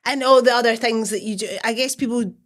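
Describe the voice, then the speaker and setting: A podcast host who keeps encouraging the guest and chimes in with quick agreement. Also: medium pitch, fairly even intonation, fairly bright tone. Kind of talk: casual interview chat.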